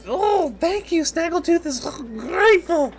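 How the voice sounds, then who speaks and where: A man's voice: very high voice, lively intonation, a little slow, a loud crowd, pitched above the performer's own voice. A man voicing a timid, hungry male kobold who speaks of himself in broken third-person speech. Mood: timid pleading.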